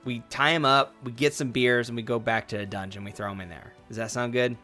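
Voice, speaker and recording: A man's voice: medium pitch, fairly even intonation, fairly quick, sharp tone, faint music behind, lightly acted. A man voicing a laid-back, scheming male guard who talks in a casual, slangy drawl.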